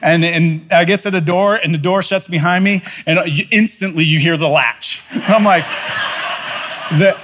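Recounting a mistake he made, a middle-aged pastor mocks himself with animated energy in a storytelling sermon. His voice is distinctly high, his pace moderate with barely any pauses, and the background is noisy.

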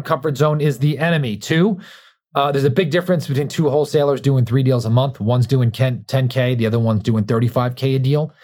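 A man's voice: mid-range voice, darkish tone. Emphatic male business coach. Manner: emphatic, repeats words for stress, varies pace a lot. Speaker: podcast host and coach. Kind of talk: motivational business talk.

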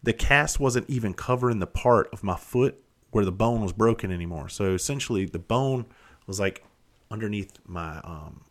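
Blunt deep-voiced man telling stories. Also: expressive, moderate pace. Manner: profane, blunt, self-deprecating. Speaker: podcast host. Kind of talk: casual storytelling monologue.

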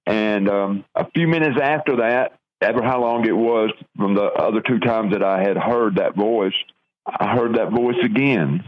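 Older man, personal testimony, halting and earnest, lo-fi radio audio. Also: on the low side. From Southern United States. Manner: slow, earnest storytelling with halting restarts. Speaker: guest sharing testimony.

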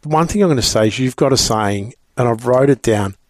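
A man's voice: medium pitch, animated, a little fast, no echo. An Australian man hosting a podcast interview, chatty and effusive, calling his guest mate. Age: adult parent. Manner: effusive, calls people mate. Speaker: podcast host. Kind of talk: casual interview chat.

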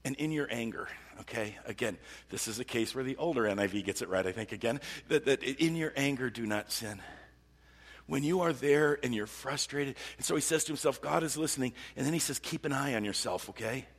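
Male pastor, earnest sermon, gravelly and breathy, long reverb tail. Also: medium pitch, a little fast. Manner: earnest, repetitive, stumbling restarts, drops to soft voice.

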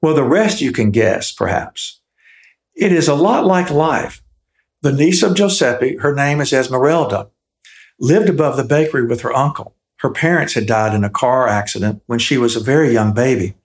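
A man narrating a story in a gentle, unhurried, expressive way. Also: medium pitch. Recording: echoey room.

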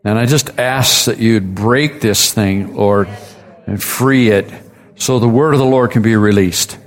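A man's voice: lowish voice, a little slow. A man preaching a sermon, retelling a story with casual asides and acted-out quotes.

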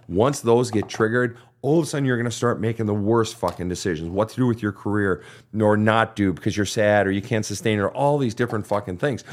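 A man who hosts a counseling podcast, giving blunt, emphatic advice full of swearing. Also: mid-range voice. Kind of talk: profane motivational advice.

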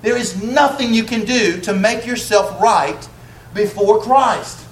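A man preaches to his congregation, his voice sitting slightly high for a man. He talks in a conversational way and keeps asking the pews questions. The sound is roomy, with faint ambience from the church behind him. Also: takes it slowly, slight background noise. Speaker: pastor. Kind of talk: sermon. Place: church sanctuary.

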